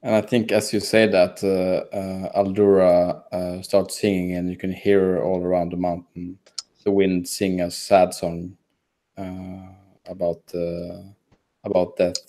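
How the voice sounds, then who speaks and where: Slow, deep-voiced man narrating a game. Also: level tone, mellow. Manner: slow, halting narration with many fillers. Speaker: player. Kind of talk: narrating a tabletop story game.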